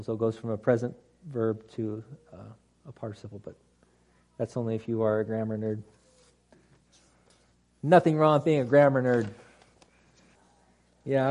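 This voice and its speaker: A man leads a Bible study class, explaining the text in a conversational, halting way. His voice is mellow and warm, sitting in a middle pitch. He restarts phrases often and drops in dry, joking asides.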